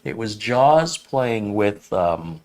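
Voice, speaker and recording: A man's voice: lowish voice, sing-song, extremely slow, darkish tone. A man from the Detroit area, co-hosting a casual chat and reminiscing, listing things as they come back to him. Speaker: co-host.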